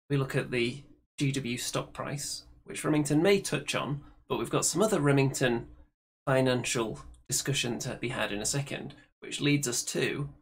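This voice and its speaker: Chatty male host, faint background hiss. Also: mid-range voice. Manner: chatty, presenting segments. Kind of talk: casual chat.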